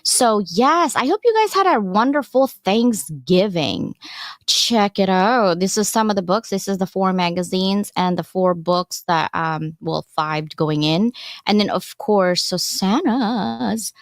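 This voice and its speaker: A woman's voice: medium pitch, animated, measured pace, no room sound, studio quality. A woman giving a casual live presentation as a workshop presenter, chatty and encouraging, with frequent digressions.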